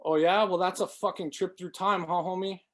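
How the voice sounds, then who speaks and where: A man reading aloud, voicing a menacing, cool-headed tough who talks loud and swaggering. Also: high voice, fairly even intonation, moderate pace, pitched above the performer's own voice, close to an everyday voice.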